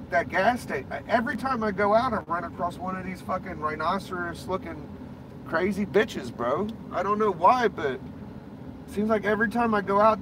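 Foul-mouthed man ranting over road noise. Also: high-pitched. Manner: profane, rambling, blunt. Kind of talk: casual ranting chat. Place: inside a car. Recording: clear road and engine noise.

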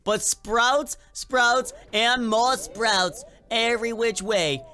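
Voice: medium pitch, steady tone, slow, bright, forceful tone. A gaming video creator with a slight accent and a lingering cold, giving playful, chatty gameplay commentary straight to viewers.

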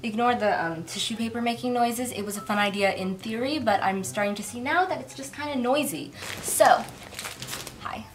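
A woman's voice: fairly high pitch, normal speed. A young woman talking casually to camera in a chatty, giggly, self-mocking way. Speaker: YouTuber. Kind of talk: casual vlog bloopers.

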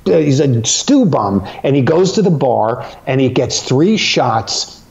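A middle-aged man from Connecticut, a comedian guest telling a story with lively energy and frequent high laughter, talking from his home. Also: slow pace, creaky, husky, lo-fi sound. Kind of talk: animated comic storytelling.

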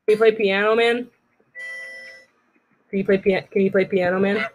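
A woman's voice: medium pitch, fairly even intonation, moderate pace, dull audio, faint music behind. A woman streaming a video game, joking and teasing as she plays, with sudden silly voices. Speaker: streamer playing a goose game. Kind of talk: playful let's-play commentary.

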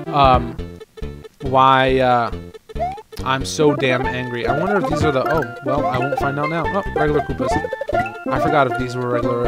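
A man giving rambling, casual let's-play commentary over a video game and swearing now and then. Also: mid-range voice. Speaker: gaming channel host.

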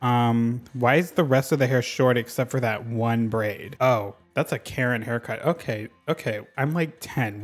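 Man, let's play commentary, sassy, excitable, swears a lot, mid-pitched voice, desk mic. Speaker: gaming channel host. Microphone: desk microphone.

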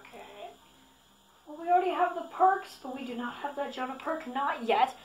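A woman's voice: sits high, lively intonation, normal speed. A woman giving casual, rambling commentary over a game she is playing, correcting herself as she goes, recorded in her bedroom. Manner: chatty, rambling, self-correcting. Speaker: gaming video creator. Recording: echoey room with faint noise.

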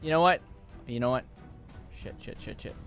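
A young man streams a game for the first time, giving live commentary to himself and his chat in a mid-range voice at normal speed. He panics, swears, and yelps or shouts when startled. The highs are cut off, and faint music plays behind him.

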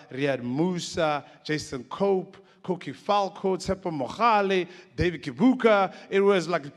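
A man giving a stage talk, telling loose stories with laughter and frequent stumbling restarts. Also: fairly high pitch. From South Africa. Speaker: guest speaker. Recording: echoey hall.

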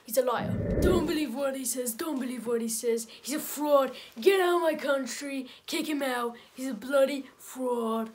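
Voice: high voice, normal speed, noisy background, natural voice. Performer doing a stammering, flustered politician. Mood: indignant. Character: flustered older male politician, stammering and indignant. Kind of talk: comedic impression.

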